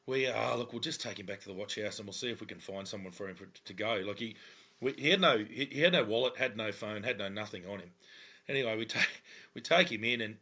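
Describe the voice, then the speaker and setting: A middle-aged man, a podcast co-host and police officer, telling funny anecdotes in a lively way with bursts of laughter. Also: medium pitch. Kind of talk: casual storytelling chat.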